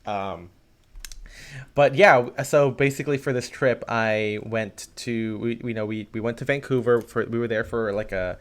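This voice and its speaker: Casual male podcast co-host, mid-pitched, chatty and meandering. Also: moderate pace. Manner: rambling, many fillers and restarts. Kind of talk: casual chat.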